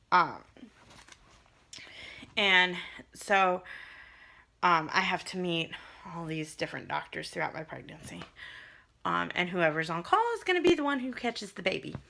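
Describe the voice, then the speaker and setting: Bright-voiced young woman vlogging casually. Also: mid-range voice. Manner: chatty, rambling, many ums. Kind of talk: casual pregnancy update vlog.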